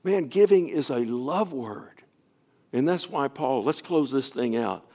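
A man who is a pastor, preaching a sermon and telling a story, often falling to a soft, near-whispered voice with stammering restarts. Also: medium pitch, lively intonation, a little slow.

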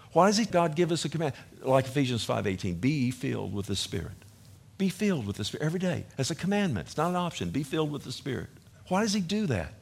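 A man with a Texan accent preaching a sermon with passion, moving from loud urging to quiet storytelling. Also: on the high side, husky. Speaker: pastor.

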